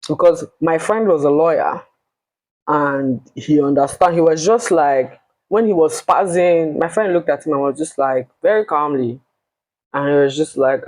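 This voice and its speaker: A woman with a Nigerian accent telling a personal story in a casual, blunt and animated way, swearing freely. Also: low-pitched, normal speed, dry recording, low-quality recording.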